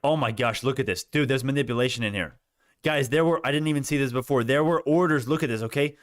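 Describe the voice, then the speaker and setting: A young man giving animated live commentary on stock prices, laughing and repeating himself, his voice worn out. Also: mid-range voice, quick pace, dry recording, clean studio sound. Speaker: stock market streamer. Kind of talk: excited live market commentary.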